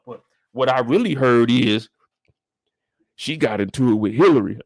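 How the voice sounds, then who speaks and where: Animated man ranting about a TV episode. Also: medium pitch, moderate pace, pauses often, dry recording. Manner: mocking, does voices of characters, profane. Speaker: show recap host. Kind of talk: animated TV recap commentary.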